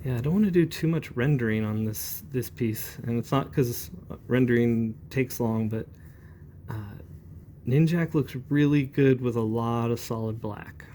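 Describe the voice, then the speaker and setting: A man in his forties, a comic book inker, chatting in a relaxed, rambling way as he demonstrates brush inking. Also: mid-range voice, unhurried, slight background noise.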